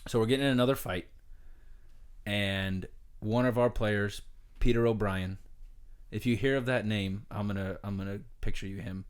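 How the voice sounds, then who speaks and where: Rambling man telling a story, lowish voice. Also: normal speed, smooth. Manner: rambling, animated storyteller, filler-heavy. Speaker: podcast co-host, retired pro baseball player. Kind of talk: casual podcast storytelling.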